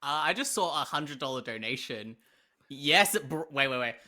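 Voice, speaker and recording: A man's voice: medium pitch, animated, moderate pace, sharp tone. A man co-casting a charity esports match, crude and joking, putting on silly voices. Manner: crude, joking, puts on mock cowboy and sarcastic voices. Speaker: esports co-caster. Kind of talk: charity tournament commentary.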